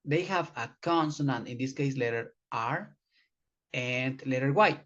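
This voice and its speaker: An English teacher giving a grammar lesson, repeating key words slowly and calling the learners guys. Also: mid-range voice, fairly bright tone. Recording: dull lo-fi recording.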